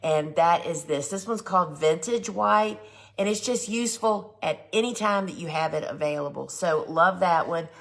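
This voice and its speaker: A woman's voice: fairly low pitch, normal speed. A woman, hosting a live flower gardening show, chatting casually and enthusiastically as she shows seed sets. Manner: chatty, enthusiastic, says "y'all" often. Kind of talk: casual live shopping chat.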